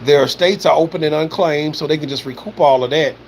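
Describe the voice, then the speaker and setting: A man with a somewhat high-pitched voice talks casually on a livestream, drifting between points and filling gaps with "you know" and "man". He swears freely and answers viewer comments as he goes. A faint air-conditioning hum sits underneath. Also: fairly quick. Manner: loose, rambling delivery, peppered with "you know" and "man", swearing.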